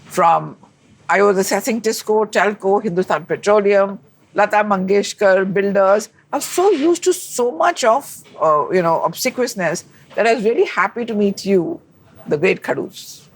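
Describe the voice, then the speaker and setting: Brief: woman food critic as guest, husky voice, lively and emphatic chat. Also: normal speed. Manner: animated and emphatic, pitch leaps up when excited. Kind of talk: conversational interview.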